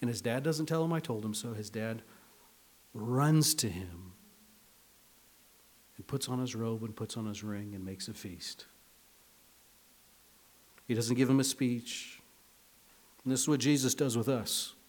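A pastor with a medium-pitched voice preaches a conversational sermon, earnest throughout, shifting between hushed, slow passages and emphatic, raised ones.

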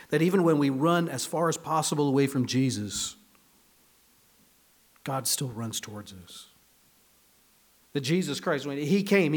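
A man preaching a conversational sermon as a pastor, earnest, moving between hushed, slow passages and emphatic, raised ones. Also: medium pitch, husky.

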